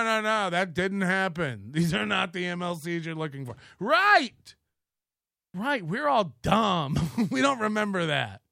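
Guy hosting a livestream, swears a lot, mocking, gravelly voice that jumps all over. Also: high voice, bright, forceful tone, dry recording, studio quality. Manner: profane, mocking, laughs often. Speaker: live show host. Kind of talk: casual livestream commentary.

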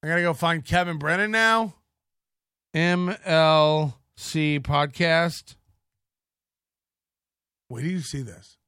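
A man's voice: fairly high pitch, takes it slowly, pauses often, bright, forceful tone, smooth, no room sound, studio quality. A middle-aged man hosting an online show, ranting in sarcastic, profane commentary and muttering while he scrolls through posts.

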